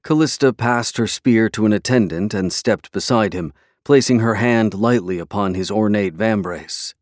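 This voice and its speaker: A man reading scripted narration for an audiobook in a measured, even way. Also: fairly low pitch, no room sound, clean studio sound.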